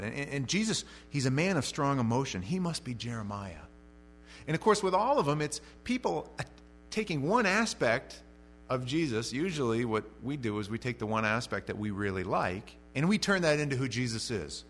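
A pastor, a man of ordinary pitch, preaches a sermon through a passage of scripture. His delivery swings between loud, emphatic lines and quiet, conversational asides, and a faint hum sits underneath. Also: big pitch swings, a little fast. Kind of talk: expository sermon.

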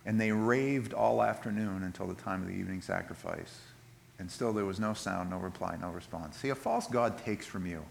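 A man preaching a sermon in a conversational way, retelling scripture with lively asides and frequent restarts. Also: low voice, moderate pace, vocal fry, a little hiss or hum. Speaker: pastor.

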